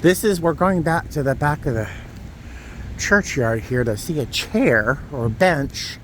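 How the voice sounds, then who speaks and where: A man's voice: fairly high pitch, animated, measured pace. A man vlogging outdoors in a windy churchyard, chatty and exclaiming, cold and tired. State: shivering cold. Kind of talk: casual vlog narration.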